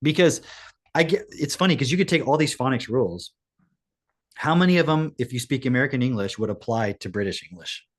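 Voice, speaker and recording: An animated man chatting casually with a friend, his pitch in the middle for a man. He leaps upward when making a point and throws around rhetorical questions and the odd swear word. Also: brisk. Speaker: co-host. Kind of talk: casual reaction chat.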